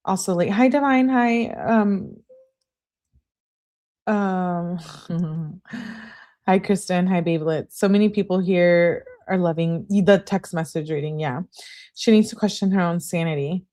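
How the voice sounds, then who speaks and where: A woman's voice: lowish voice, unhurried, warm tone. A woman hosting a live stream, reading text messages aloud and greeting her viewers between them. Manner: reads texts with "she says" tags, chats with viewers. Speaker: livestream host reading case texts.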